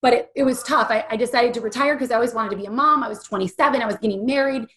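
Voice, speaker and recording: A woman's voice: on the high side, very fast, a bit bright. A woman in her forties, an interview guest telling a candid personal story in an earnest, emotional, chatty way with many fillers. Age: 40s.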